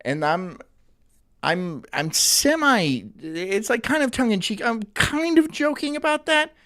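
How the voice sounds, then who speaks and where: Man, streamer, crude and mocking commentary, rambling asides, lively pitch. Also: a little slow. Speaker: streamer reacting to clips. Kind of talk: casual live-stream commentary.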